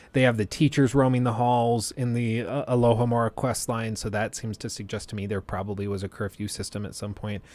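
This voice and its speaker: A man's voice: mid-range voice, no echo. A young man streaming and chatting casually, thinking aloud with plenty of fillers and restarts. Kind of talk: casual livestream chat.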